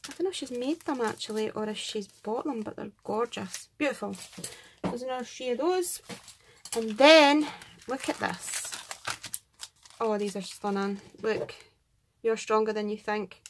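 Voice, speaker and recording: Excitable Scottish woman gushing over crafts. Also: fairly high pitch, unhurried, slight background noise. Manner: excitable, gushing, effusive thanks. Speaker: craft vlogger. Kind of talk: casual chat unboxing and scoring craft entries.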